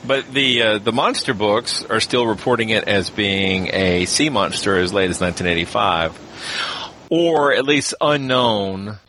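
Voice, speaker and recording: A man hosting a podcast, giving a measured scripted intro and then chatting casually and reading aloud from a book. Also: lowish voice, bright, forceful tone, a little hiss or hum. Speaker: podcast host.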